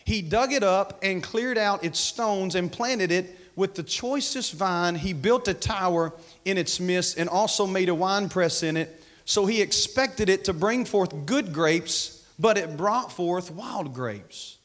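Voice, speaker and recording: A man's voice: high voice, lively intonation, a little slow, a bit bright. A man preaching a sermon as pastor, fervent, repeating phrases and calling out to the congregation. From United States. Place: church sanctuary.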